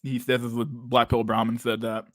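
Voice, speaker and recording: A young man rants over a video he is reacting to, crude and mocking, stumbling into constant restarts. His voice sits mid-pitch and is recorded dry and close, with no room sound. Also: completely flat delivery, normal speed, fairly bright tone, no echo. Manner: crude, mocking, rambling with many restarts and "bro". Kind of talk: casual profane reaction commentary.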